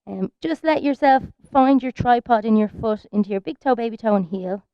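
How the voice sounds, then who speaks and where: An Irish woman teaching yoga, chatty and soothing as she guides each pose. Her voice has a gravelly edge at a middling pitch. It sounds dull and lo-fi, with no room echo at all. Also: normal speed. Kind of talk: guided yoga class instruction. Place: outdoors in a park.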